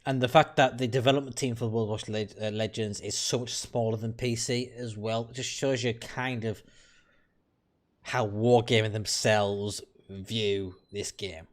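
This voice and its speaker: A man's voice: fairly low pitch, steady tone, a little slow. Blunt, sweary British man streaming a game. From United Kingdom. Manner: blunt, opinionated and profane, chatting with viewers. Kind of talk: casual live-stream chat while playing.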